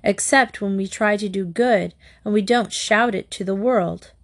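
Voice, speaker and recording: A steady, responsible teenage boy, read by a woman. He speaks calmly and firmly. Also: mid-range voice, a little slow, natural voice.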